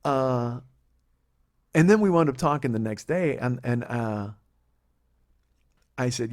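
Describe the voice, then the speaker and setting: A man's voice: mid-range voice, measured pace, long pauses. A man in his forties hosting a podcast, telling a comic story in a profane, exasperated, self-mocking way. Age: 40s. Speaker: podcast host.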